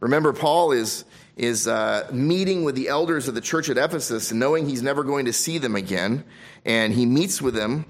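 A pastor preaches a sermon, his voice leaping up on the words he wants to land and sinking low and soft on the tender ones. He leans on scripture, reading it aloud in old-fashioned King James wording. His pitch sits in the middle of a man's range. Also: animated, moderate pace. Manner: emphatic preaching, swinging between loud stresses and quiet drops.

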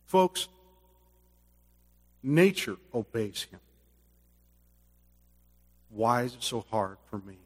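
A man preaching a sermon as pastor, earnest, swinging from loud bursts to hushed quiet, then leading a closing prayer. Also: medium pitch, big pitch swings, drawn-out words, long pauses, big-room sound.

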